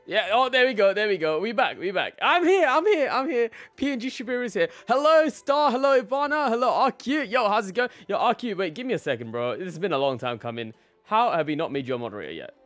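A man's voice: high voice, sing-song, quick pace, a bit bright, dry recording, soft background music. A young man live-streaming a game, casually greeting his chat by name and laughing often.

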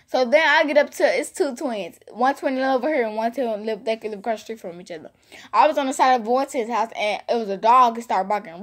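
A woman's voice: a little high, brisk. A woman vlogger telling a casual storytime to her viewers, rambling and repeating phrases for emphasis. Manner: animated, speaks to viewers directly.

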